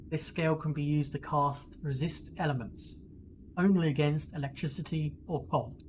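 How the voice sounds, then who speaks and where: A man's voice: a little high, fairly even intonation, normal speed, noisy background. A man running a tabletop game as game master, casually reading out rules and describing scenes.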